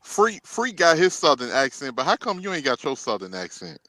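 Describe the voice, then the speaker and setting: A man's voice: fairly high pitch, sing-song, normal speed, pushed and bright, no echo. A man from the Midwest in a casual group chat, joking and teasing. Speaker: chat guest.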